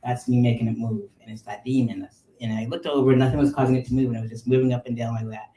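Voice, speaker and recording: A man in his thirties casually telling a long personal story on a podcast, animated and full of likes and ums. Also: medium pitch, fast. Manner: animated, filler-heavy with many likes and ums. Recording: roomy sound, mic at a distance.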